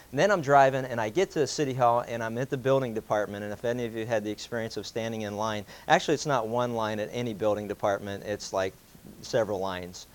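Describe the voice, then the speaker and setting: A man telling a casual, anecdotal story to a group, acting out quoted voices and chuckling as he goes. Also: lowish voice. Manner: animated, acts out quoted voices, chuckles between lines.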